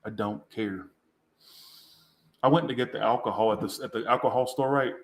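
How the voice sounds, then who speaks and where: With a gravelly, mid-pitched voice and fairly even intonation, this tipsy man reads tarot live at a fast clip. He is rambling, crude, and self-mocking, and the audio has a noticeable room echo.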